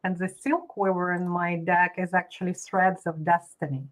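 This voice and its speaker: A woman's voice: fairly low pitch, little pitch movement, normal speed, rough recording. A woman joining a live tarot stream as a guest, thoughtfully explaining what she picks up from her cards. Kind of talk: casual live chat.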